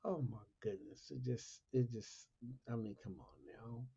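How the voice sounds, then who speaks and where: A man's voice: mid-range voice, measured pace, vocal fry, warm tone, slightly rough. A man hosting a casual Christian talk monologue, asking repetitive rhetorical questions and laughing often. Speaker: Christian talk show host. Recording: lo-fi dull recording.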